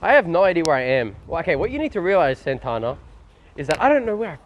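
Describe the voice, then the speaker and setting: An Australian man rambles through a casual live stream, swearing easily as he talks to his chat. His voice sits a little high. He speaks into a phone outdoors, with wind and street noise clearly audible behind him. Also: sing-song, quick pace, dull audio. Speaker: IRL streamer. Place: outdoors on windy city streets. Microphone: phone held while walking.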